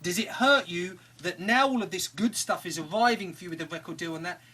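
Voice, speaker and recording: Male radio sidekick; high, bright, playful banter. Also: brisk, breathy edge. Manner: cheeky, jokey. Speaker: radio co-host. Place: radio studio.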